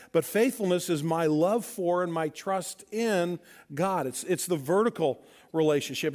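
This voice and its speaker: A man from Missouri preaches a sermon in a fairly high voice. He makes emphatic points and acts out the dialogue of the people in his stories. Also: a little mellow. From Missouri, USA. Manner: storytelling with acted-out dialogue, emphatic. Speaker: pastor.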